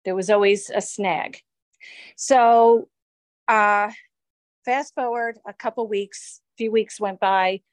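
A woman's voice: medium pitch, steady tone, takes it slowly, no echo, clean studio sound. A woman in her forties casually recounting her own story in an interview, rambling and acting out bits of dialogue. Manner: rambling, with frequent restarts and quoted dialogue. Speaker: victim telling her story.

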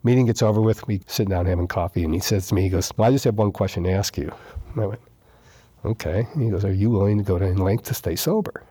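A man guest in a casual interview, telling his recovery story with lively retellings, acting out quoted dialogue and repeating lines for emphasis. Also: low-pitched, fast talker, breathy edge, no room sound.

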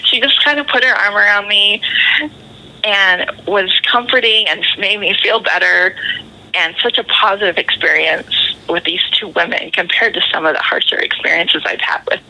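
Bright, gravelly woman telling a lively story. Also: mid-range voice, normal speed, low-quality recording. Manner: animated, laughs often while telling a story. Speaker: guest. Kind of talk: casual storytelling in a podcast interview.

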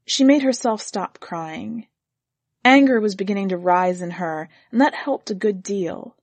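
A woman reading a story aloud in a measured, even manner. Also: medium pitch, vocal fry, slightly rough, dry recording. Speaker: narrator. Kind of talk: scripted story narration.

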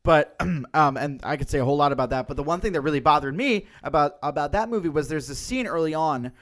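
A man in a relaxed podcast conversation about films, with a voice a little high for a man. He talks in a chatty, rambling way, stringing his thoughts together with "like" while retelling movie scenes. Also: fast talker. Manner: chatty, storytelling, many "like" fillers. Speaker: podcast co-host. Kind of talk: casual movie chat.

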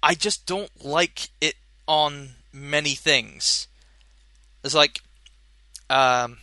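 A man's voice: a little high, drawn-out words, long pauses, pushed and bright, no echo. A young man hosting a podcast, rambling in a casual chat with many fillers and restarts while chewing gum. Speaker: podcast host.

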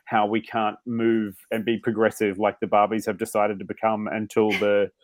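A man co-hosting a podcast in casual chat, acting out quoted voices with big jumps in pitch. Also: flat delivery, moderate pace, dry recording. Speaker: podcast co-host.

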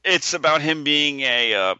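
Male co-host, jokey banter, very bright, slightly dull sound. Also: a little high, expressive, a little slow, clear, resonant tone, no room sound. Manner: jokey, mock-outraged banter. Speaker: podcast co-host. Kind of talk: casual chat.

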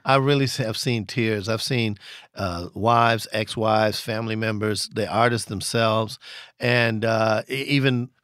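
A man's voice: fairly low pitch, fairly even intonation, unhurried, a bit bright, clean tone, no echo, clean studio sound. A man who runs a record store, telling stories in a rambling casual chat with many restarts and chuckles. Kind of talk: casual storytelling in conversation.

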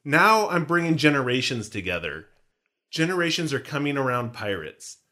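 A man's voice: mid-range voice, sing-song, normal speed, bright, forceful tone. A man co-hosting a podcast, chatting casually and joking, rambling from point to point and dropping pop-culture references. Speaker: podcast co-host. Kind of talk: casual chat.

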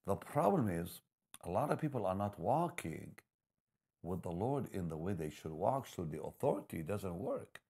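A man preaching a sermon, telling a personal testimony and reading scripture, moving from hushed storytelling to loud emphatic passages. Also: sits low, very animated, moderate pace, slightly rough.

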